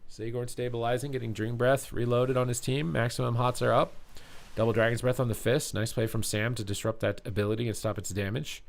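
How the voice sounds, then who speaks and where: A man's voice: mid-range voice, brisk, vocal fry. A man casting a live esports broadcast, chatting with the stream chat and calling the action play by play. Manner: excitable, chatty, reads out chat. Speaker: esports caster. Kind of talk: live game commentary.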